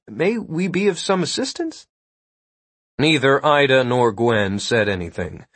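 Husky-voiced man narrating a story. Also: mid-range voice, no echo. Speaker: audiobook narrator. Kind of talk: scripted narration.

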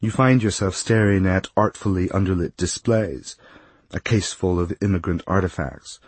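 A man's voice: low voice, normal speed, a little mellow, breathy edge, no room sound. A man reading a humorous travel memoir aloud, with a dry, wry comic delivery. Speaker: narrator.

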